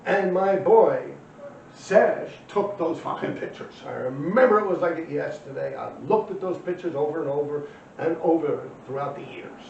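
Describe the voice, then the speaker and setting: A man's voice: fairly high pitch, lively intonation, moderate pace, slight background noise. A man telling old stories in a loose, rambling way, swearing bluntly and full of slang. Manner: loose and rambling, many fillers. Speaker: former graffiti writer telling his story. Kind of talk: casual storytelling monologue. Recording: dull, roomy, distant recording.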